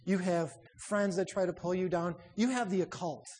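A man preaching a sermon in an emphatic, exhorting way, often dropping low and soft to drive a point home. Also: steady tone, moderate pace.

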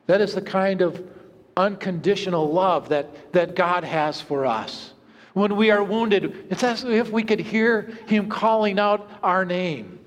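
A man preaching a sermon in a church, earnest and storytelling, dropping to hushed low tones at moments. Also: unhurried, big-room sound. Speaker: pastor. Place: church sanctuary.

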